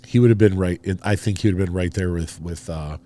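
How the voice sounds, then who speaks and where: A man with a fairly low voice joins a casual podcast chat as co-host. He talks fast and cuts in with short, quick remarks. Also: mellow. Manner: quick interjections.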